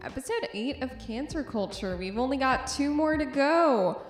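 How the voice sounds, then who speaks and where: A young woman hosting a podcast in a casual, chatty monologue, with a slightly rough morning voice, joking at her own expense and laughing easily. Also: sits high, expressive, moderate pace, echoey room, over loud music. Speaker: podcast host.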